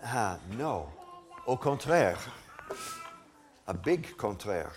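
A man's voice: lowish voice, animated, slow, long pauses, slight background noise. A man preaching a sermon, reading scripture dramatically and asking the congregation rhetorical questions.

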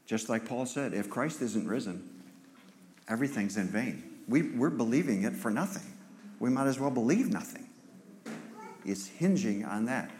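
A pastor preaching an Easter sermon, animated and teasing, talking back and forth with his congregation. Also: fairly low pitch, a little hiss or hum.

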